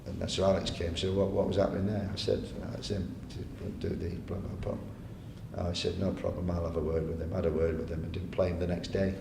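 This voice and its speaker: A man with a gravelly, level-toned voice tells stories on stage to a live audience at an arts venue hall, speaking fairly quickly with few pauses. As guest speaker, he keeps it chatty, laughing often and acting out the people he quotes. There's echo and a faint rumble in the hall.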